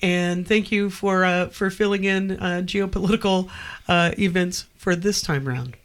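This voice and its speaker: A woman's voice: lowish voice, measured pace. A woman hosting a community call-in radio show, speaking in a chatty, hesitant way. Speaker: radio host.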